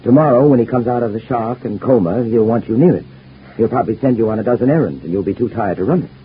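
An actor playing an earnest young doctor in a 1940s radio soap, who speaks in a serious, measured way. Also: male voice, mid-range voice, natural voice. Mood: gentle. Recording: dull old radio broadcast with faint hum.

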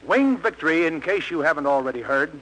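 A man's voice: a little high, animated, a little fast, fairly bright tone, a little hiss or hum, low-quality recording. A man announcing on a 1940s radio show, polished and upbeat.

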